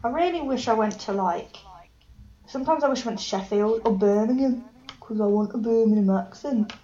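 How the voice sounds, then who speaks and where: A woman's voice: on the high side, fairly quick, dark tone, lo-fi sound. A woman in her late teens from England co-hosting a casual podcast, giggly and self-deprecating. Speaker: podcast co-host. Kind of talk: casual chat.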